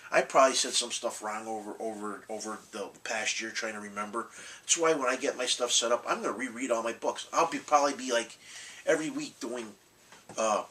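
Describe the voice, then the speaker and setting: A man rambles through a casual collectibles vlog, blunt and full of restarts and mild curses. His voice is bright and forward. He sits a little away from the microphone. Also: mid-range voice, recorded from a distance, poor audio. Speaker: collectibles channel host.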